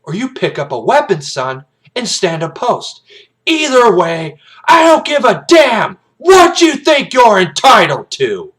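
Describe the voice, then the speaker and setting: A man's voice: sits high, huge pitch swings, a little slow, pitched above the performer's own voice, full character voice. Man acting as a scornful old Marine colonel. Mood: fierce. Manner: commanding, lecturing, building to shouts. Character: hardened older male Marine colonel, proud and scornful.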